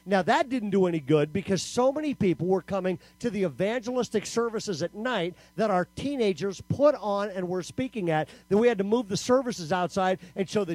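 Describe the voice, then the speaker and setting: A man delivers a lively youth camp sermon in a high-pitched voice. He tells stories in a punchy way and acts out the quotes. The sound is dry and close, with no room echo. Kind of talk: animated sermon to teenagers.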